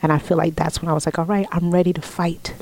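Woman in her forties, lowish voice, heartfelt storytelling, slips into soft whispers. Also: little pitch movement, fast talker, poor audio. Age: 40s. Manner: heartfelt, drops to soft whispers when quoting family. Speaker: interview guest. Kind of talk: emotional personal storytelling.

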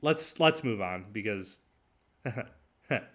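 A man's voice: lowish voice, expressive, very slow, a bit bright. Sarcastic man ranting on a talk show. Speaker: podcast host. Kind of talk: solo talk show commentary.

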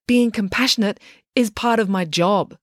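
A woman's voice: mid-range voice, normal speed, dry recording, clean studio sound, voice pushed up, lightly acted. A woman voicing a fussy male school guidance counsellor who lectures with exasperation. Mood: flustered stern.

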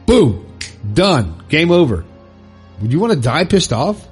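An earnest man delivers a motivational monologue with a lively, swinging delivery. His voice sits a touch high and sounds husky. He repeats his points bluntly, swearing mildly, over faint music. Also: unhurried, pauses often.

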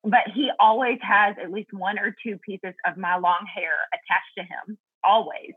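A woman's voice: medium pitch, steady tone, normal speed, slightly rough, dry recording, phone-quality sound. A woman guest talking earnestly and thoughtfully about Bible study in a casual faith chat, laughing easily.

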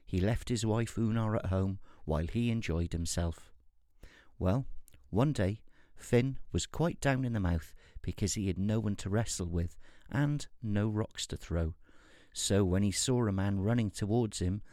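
Man reading a fairy tale, wry and unhurried, lowish voice, dry sound. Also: mellow, no echo. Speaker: storyteller. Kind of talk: storybook narration.

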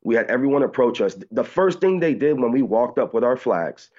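A man being interviewed, telling his story quickly in one long stretch and acting out what others said. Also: sing-song, a little mellow, lo-fi sound. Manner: rapid storytelling, mimics people in high voices. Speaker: activist guest. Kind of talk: excited phone-in interview recounting.

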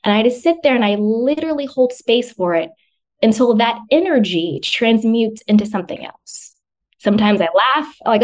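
A woman's voice: fairly high pitch, lively intonation, normal speed. A woman guest on a podcast, talking earnestly about self-love and often repeating phrases for emphasis. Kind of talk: conversational self-help advice.

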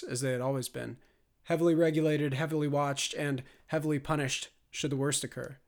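A man reading scripted audiobook narration in a measured, grave manner. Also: mid-range voice.

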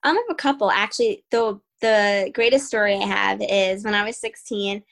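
Bright-voiced young woman telling a story. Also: mid-range voice, normal speed, vocal fry, poor audio. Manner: animated, laughs often, acts out quotes. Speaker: guest fighter. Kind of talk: casual interview storytelling.

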